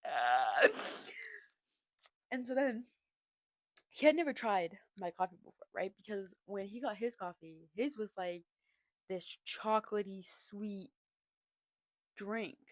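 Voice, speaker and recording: A young adult woman hosting a podcast, telling a story in a chatty, animated way, laughing often and filling her talk with "like.". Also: mid-range voice, measured pace, long pauses, no echo. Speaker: podcast host. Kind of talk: casual storytime chat.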